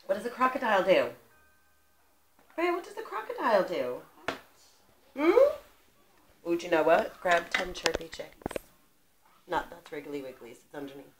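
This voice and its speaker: A woman's voice: lowish voice, sing-song, normal speed, pauses often, roomy sound, background noise. Sing-song woman coaxing a toddler. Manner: sing-song, coaxing, exaggerated baby talk. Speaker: parent. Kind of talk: reading a picture book to a toddler.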